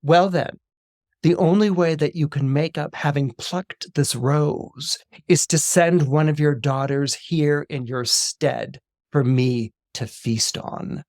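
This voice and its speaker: A man voicing a menacing male beast who rules a magical castle, talking in a gruff, demanding way. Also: a little high, takes it slowly, a little mellow, dry recording, studio quality.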